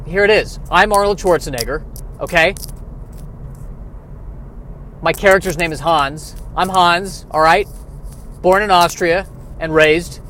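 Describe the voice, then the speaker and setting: A man putting on a boastful action-hero big brother, tough-talking but not very convincing, with no accent. The voice sits a touch high for a man, and there is faint outdoor hum behind it. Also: a bit bright. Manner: clumsy impression without the accent. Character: Hans, brash male action hero, Alice's older brother.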